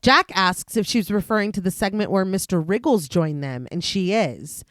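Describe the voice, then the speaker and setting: Female podcast co-host, steady plot-recap narration, mid voice, dry sound. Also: medium pitch, normal speed, no echo.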